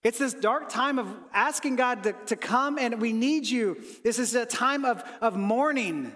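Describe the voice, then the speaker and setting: In an unhurried sermon, a pastor with a very high voice grows soft and hushed on reflective passages and swells on pleading prayers. The sound fades in a long echo, like a church sanctuary.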